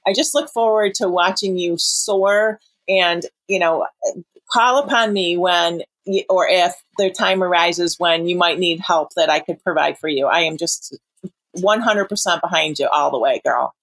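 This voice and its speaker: A woman's voice: lowish voice, unhurried, fairly bright tone, dry recording. A woman hosting a podcast, chatting casually and encouraging her guest with plenty of fillers. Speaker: podcast host. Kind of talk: casual interview chat.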